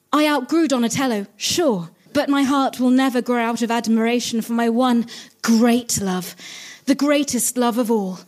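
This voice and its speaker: A woman's voice: on the high side, a little mellow. A woman comedian reading her own comedic fan-fiction aloud in a giggly, self-mocking way.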